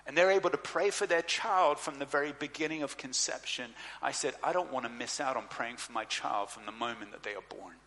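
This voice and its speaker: A man telling a personal story in a sermon, animated and acting out the other voices in his story. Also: medium pitch, a little fast, hardly any pauses. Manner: animated storyteller, acts out dialogue. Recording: long hall reverb.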